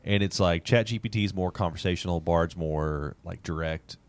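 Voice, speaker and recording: A man's voice: deep voice, moderate pace. A man co-hosting a casual podcast chat, reading out news stories with stumbles and restarts. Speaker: podcast co-host.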